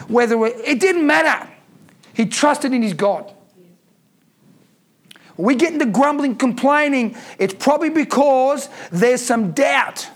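A man preaching a sermon, emphatic and repeating key lines for effect. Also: very high voice.

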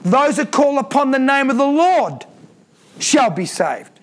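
A man's voice: very high-pitched, very animated, measured pace. A man preaching a sermon, reading scripture aloud and breaking off to comment with emphatic repeated phrases and rhetorical questions.

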